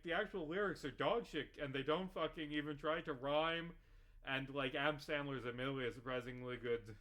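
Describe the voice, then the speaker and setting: A man's voice: fairly high pitch, a bit bright. A man ranting in casual commentary while playing a game, rambling and profane, heavy on fillers. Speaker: gaming vlogger.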